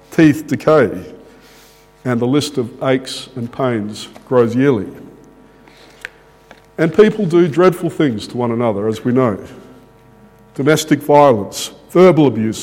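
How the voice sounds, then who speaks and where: A man preaching a sermon in a slow, deliberate way with dramatic pauses. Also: medium pitch, darkish tone. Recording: long hall reverb.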